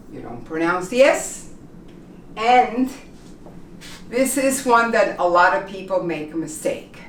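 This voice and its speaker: A woman teaching English pronunciation in a slow classroom lesson, carefully repeating each word for learners. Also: medium pitch, big pitch swings. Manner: deliberate, repeats words slowly for learners. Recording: roomy echo, distant from mic, faint room noise.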